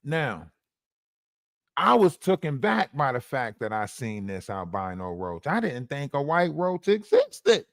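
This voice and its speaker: A man hosting a livestream tells a story with lots of animation, his pitch climbing and dropping as he goes. He checks in with the chat again and again. The sound is close and dry. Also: measured pace, no echo. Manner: animated, keeps asking the chat "you hear me?". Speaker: livestream host.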